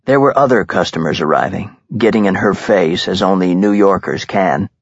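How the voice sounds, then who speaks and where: A man reading a crime story as an audiobook narrator, in a measured, tense style. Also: deep voice, slightly rough, no room sound. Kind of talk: scripted dramatic narration. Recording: dull lo-fi recording.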